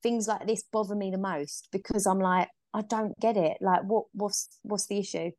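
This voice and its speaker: A woman's voice: mid-range voice, steady tone, normal speed, a little mellow, no echo, studio quality. A woman co-hosting a podcast in casual chat, frank, with hesitant restarts. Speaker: podcast co-host.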